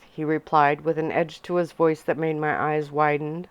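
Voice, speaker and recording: A woman reading a young adult novel aloud in a soft-spoken ASMR storytelling style, narrating in first person. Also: low-pitched, steady tone, moderate pace, few pauses, smooth, no echo. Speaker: audiobook reader.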